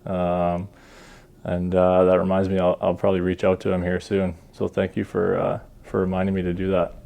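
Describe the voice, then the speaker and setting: A Canadian man in his thirties, a hockey goalie talking as a podcast guest in a relaxed, self-deprecating way with many ums and uhs. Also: low-pitched, normal speed, vocal fry. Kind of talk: relaxed interview chat.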